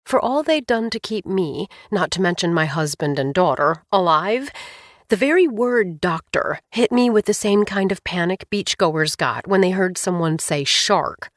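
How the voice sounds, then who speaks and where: A woman narrating a novel in the first person as an audiobook reader, with even, clear storytelling. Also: lowish voice, normal speed, no room sound, clean studio sound.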